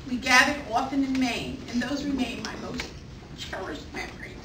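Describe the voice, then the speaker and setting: An older woman with a high voice gives a heartfelt anniversary toast, reading her prepared remarks at a measured pace. She sounds distant from the microphone in an echoey hall. A noisy crowd fills the background. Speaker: maid of honor giving a toast.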